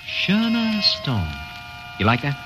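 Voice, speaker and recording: An actor playing an excitable, salesy publicity man in an old radio play. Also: mid-range voice, brisk, music in the background, natural voice, poor audio. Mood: pushy, excited. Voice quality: salesy, wheedling, laughing. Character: fast-talking Hollywood publicity man, pushy and excitable. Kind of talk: 1940s radio acting.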